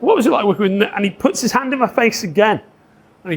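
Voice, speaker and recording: A man telling a story in casual conversation, lively and profane, laughing often. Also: high-pitched, fast talker, slight background noise. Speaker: podcast guest telling stories. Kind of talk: casual chat.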